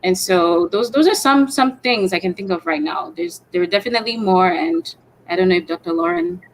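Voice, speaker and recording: Woman on a panel, lowish voice, steady listing, lots of ums. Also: a little hiss or hum, rough recording. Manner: measured, listing points with frequent ums. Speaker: guest psychologist. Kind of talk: panel discussion.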